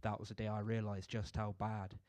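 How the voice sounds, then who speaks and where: A young man performs stand-up in a low, easy voice. His delivery is relaxed and chatty, full of asides to the crowd. The handheld mic gives a dry, close sound. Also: fairly quick, dry recording. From Bristol, England. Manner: laid-back, conversational delivery with frequent "you know what I mean". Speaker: stand-up comedian. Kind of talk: stand-up comedy set.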